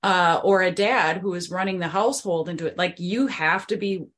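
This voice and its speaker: A woman's voice: lowish voice, moderate pace, a bit bright. A woman hosting a parenting podcast, responding to her guest and thinking aloud in casual conversation. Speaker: podcast host.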